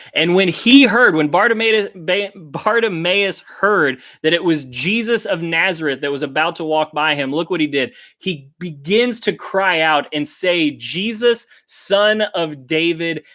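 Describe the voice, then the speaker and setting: A man's voice: a little high, pushed and bright. A youth pastor, a man, teaching a Bible story and speaking directly to young listeners in an earnest, repetitive way. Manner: earnest, addresses listeners directly, repeats phrases for emphasis. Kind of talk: sermon-style Bible teaching to teens.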